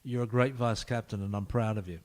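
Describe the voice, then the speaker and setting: A man's voice: fairly low pitch, fairly quick. A man, streaming a football management game and talking playfully to each player, often dropping to a whisper. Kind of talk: live-streamed game commentary.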